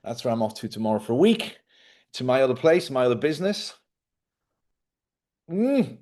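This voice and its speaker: A man's voice: mid-range voice, sing-song, moderate pace, darkish tone. A middle-aged man, hosting a casual livestream monologue, a chatty storyteller who laughs often and acts out other people's voices. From Ireland. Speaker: livestream host.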